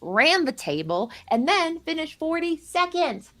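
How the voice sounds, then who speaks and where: A woman's voice: high-pitched, big pitch swings, measured pace, fairly bright tone. A woman casting a live card game, joking and rambling through player introductions. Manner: playful, jokey, rambling. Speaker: caster.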